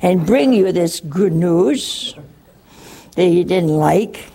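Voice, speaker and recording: A woman voicing a stern, commanding male angel in a slow, solemn, emphatic way. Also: fairly low pitch, expressive, vocal fry, warm tone, heavily acted.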